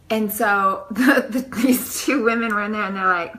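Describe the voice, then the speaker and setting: A woman in her thirties, casually telling a vlog story to the camera, animated and breathless. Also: mid-range voice, moderate pace. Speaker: vlogger.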